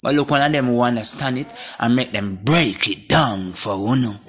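Jamaican man, impassioned vlog rant, forceful and repetitive, mid-pitched voice. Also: normal speed, slight background noise. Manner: preachy, repetitive, speaking in Jamaican patois; forceful and confrontational. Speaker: vlogger. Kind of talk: impassioned monologue to camera.

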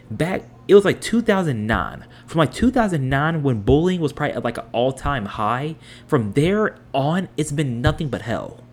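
A man's voice: medium pitch, slight background noise. A man in his twenties hosting a podcast, talking through a blunt personal monologue that runs into heated, profane rants. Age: 20s. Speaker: podcast host.

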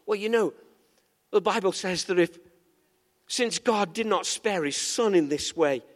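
A man preaching a sermon as pastor, animated and playful, calling out to the congregation for amens. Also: sits high, measured pace. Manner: animated, playful, call-and-response. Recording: echoey church hall.

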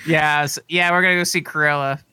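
Bright, crisp man with deadpan one-liners. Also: on the high side, fairly quick, dry recording. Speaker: podcast co-host. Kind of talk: casual comedy podcast chat.

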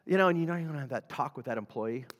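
A man's voice: medium pitch, animated, very fast, in a large hall. A man preaching a conversational sermon, talking directly to his congregation and chuckling often. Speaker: pastor.

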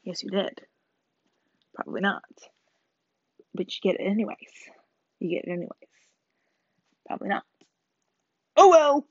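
A teenage girl vlogs to camera in a rambling, self-mocking chat peppered with swearing. Her husky mid-range voice holds a level tone at a moderate pace, with frequent pauses. The recording is dry and slightly dull, with a lo-fi quality.

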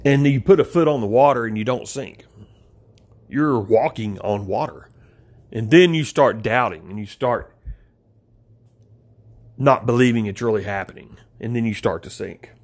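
A man preaching an informal sermon, talking straight to his listeners as folks, with big swings in pitch. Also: moderate pace, pauses often, a little mellow.

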